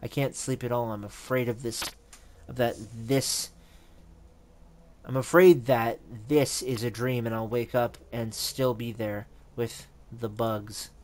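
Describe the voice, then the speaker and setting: A man's voice: medium pitch, steady tone, slow pace, a little mellow, a little hiss or hum, natural voice. A man voicing a traumatized, furious young woman who makes shaky, accusing outbursts in a tabletop game. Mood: haunted.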